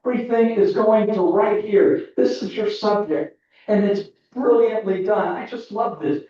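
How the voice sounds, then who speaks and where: The audio is a distant, echoing, muffled video call. On it, a man with a high-pitched, mellow voice speaks a little slowly as he judges photography entries, explaining keenly with frequent restarts.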